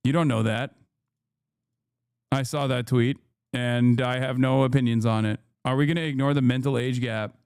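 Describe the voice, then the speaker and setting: A man in his thirties doing live stream reaction commentary, sarcastic and deadpan, laughing often. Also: mid-range voice, normal speed, clear, resonant tone, dry recording, studio quality.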